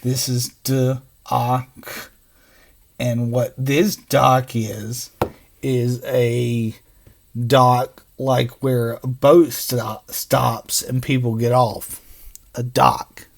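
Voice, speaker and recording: A man gives a children's phonics lesson and stretches each letter sound out one at a time. He talks at a very slow, unhurried pace. His voice has a gravelly edge. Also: mid-range voice, level tone. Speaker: teacher.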